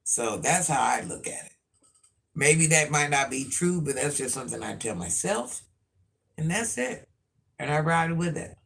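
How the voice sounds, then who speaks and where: A man chatting casually to viewers on a live stream, rambling and musing out loud and repeating himself as he thinks things through. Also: fairly high pitch, sing-song, moderate pace, vocal fry.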